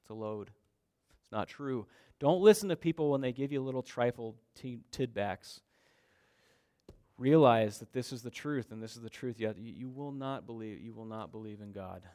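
A man's voice: medium pitch, normal speed, dark tone. A man preaching a sermon, emphatic and given to repeating his points. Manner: emphatic, repeats phrases for stress.

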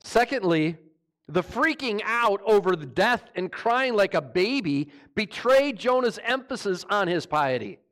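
A pastor preaching a sermon, animated and mocking, firing rhetorical questions at his listeners. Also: high voice, measured pace.

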